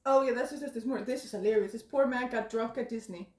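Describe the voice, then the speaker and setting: A woman hosting a casual live stream from a kitchen, an animated, giggly storyteller. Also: on the high side, fast talker. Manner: giggly, animated storyteller who acts out others' lines. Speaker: streamer host. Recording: echoey room, away from the mic.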